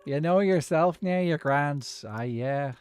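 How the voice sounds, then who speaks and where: A man voicing a loud, brash young Dublin lad with a thick working-class Dublin accent, his talk higher, slower and boisterous. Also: smooth, faint music behind.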